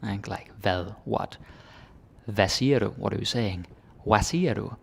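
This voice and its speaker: A man from Denmark gives a slow, casual pronunciation lesson with a gravelly, low voice. He jokes loosely and often trails off into whispers. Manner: relaxed, joking, drifts into whispers. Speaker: language teacher.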